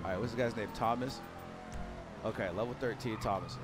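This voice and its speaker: A hoarse young man hosting a gaming channel, giving hyped, giggly commentary while he plays and shouting when things get exciting. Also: lowish voice, fairly quick, loud music behind the voice.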